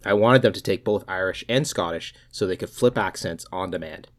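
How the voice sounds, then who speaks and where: A man co-hosts a casual podcast, tossing in playful jokes and reactions. His voice sits somewhat low. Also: fairly quick. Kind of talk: casual chat.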